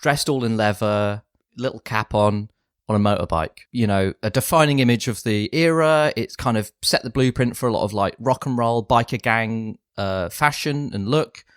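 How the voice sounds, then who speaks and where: A man co-hosting an improvised comedy sketch, deadpan and earnest. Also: on the low side, moderate pace, smooth, no room sound, clean studio sound. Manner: deadpan, earnest, rising to frantic shouts. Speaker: co-host.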